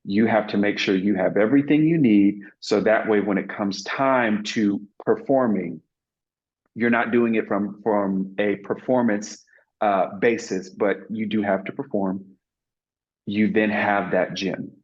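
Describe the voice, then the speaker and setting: A man's voice: on the low side, steady tone, measured pace, muffled recording. A man being interviewed as an actor, telling a story in an earnest, reflective way with many fillers and restarts.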